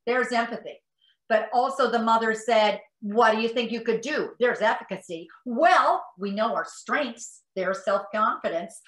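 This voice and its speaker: A middle-aged woman gives an animated talk to parents, slipping into little acted-out dialogues between parent and child. Her voice is bright and a touch high, and it rings in a roomy space. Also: a little slow. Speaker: parenting expert speaker.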